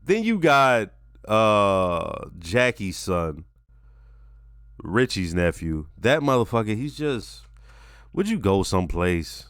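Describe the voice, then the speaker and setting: A man hosting a TV reaction channel, giving a casual, animated and profane episode review while talking straight to his viewers. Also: fairly low pitch, takes it slowly, dry recording, clean studio sound.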